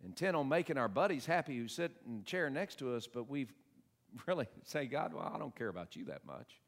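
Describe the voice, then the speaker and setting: A man preaching a sermon, moving between quiet asides and loud, emphatic passages, and reading scripture aloud slowly with heavy stress. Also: mid-range voice, very animated. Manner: reads scripture aloud with slow, stressed delivery. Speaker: pastor.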